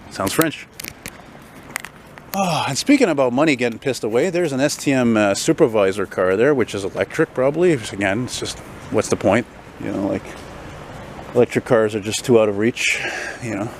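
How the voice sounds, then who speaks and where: A man's voice: medium pitch, normal speed, a little hiss or hum. Grumbling man ranting on a city walk. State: tired and unwell. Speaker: vlogger. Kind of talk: walking vlog rant. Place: outdoors on a city street.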